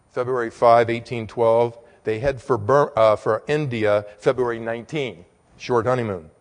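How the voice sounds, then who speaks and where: A man preaching a sermon in church, swinging from loud, emphatic peaks to quiet, low storytelling. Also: big-room sound.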